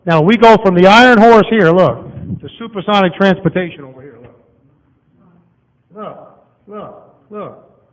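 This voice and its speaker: A man, preaching a sermon as a guest speaker in a church auditorium, folksy and lively as he walks the room. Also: high-pitched, unhurried, long pauses. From Southern United States. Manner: folksy, lively, walking and pointing across the room. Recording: dull, long-reverb hall recording.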